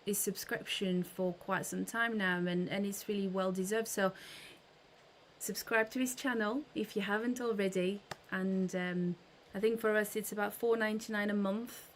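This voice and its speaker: A woman hosts a casual livestream and chats with viewers, greeting them by name as they arrive. Her voice sits at a middle pitch, and her talk is loose and friendly, full of fillers and restarts. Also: steady tone, moderate pace, a little hiss or hum. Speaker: livestream host.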